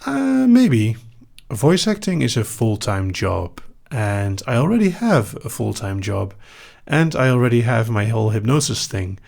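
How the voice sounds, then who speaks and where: A young Dutch man with a Dutch accent, a hypnosis show host calmly reading out and answering audience questions with dry humor. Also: lowish voice, vocal fry. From Netherlands. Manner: calm, unhurried, dry humor. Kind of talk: live Q&A reading chat questions.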